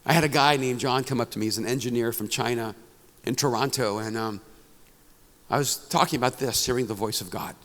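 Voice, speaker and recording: A middle-aged man preaches at a conference, his mid-range voice animated as he tells a personal story. The sound carries a long reverb from a large hall. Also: mid-range voice, a little fast. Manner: animated storyteller, laughing at his own anecdote. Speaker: pastor. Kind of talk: storytelling sermon.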